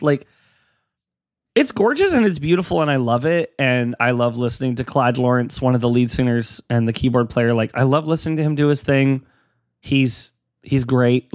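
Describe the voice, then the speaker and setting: A man's voice: medium pitch, dry recording, clean studio sound. A young adult man hosting a casual solo podcast, rambling and self-deprecating while he encourages his listeners. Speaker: podcast host.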